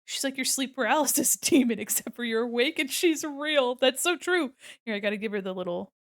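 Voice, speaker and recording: A woman's voice: fairly high pitch, expressive, a little fast, no room sound, clean studio sound. A young adult woman streaming casually while she draws, rambling and giggling often and swearing freely.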